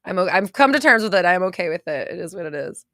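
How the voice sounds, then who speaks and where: A woman's voice: on the low side, lively intonation, quick pace, fairly bright tone, no echo, clean studio sound. A woman with a valley girl accent hosting a podcast livestream, chatting casually and reading out viewer comments in a bubbly, chatty way with lots of fillers. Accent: American valley girl. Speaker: podcast host. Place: home studio.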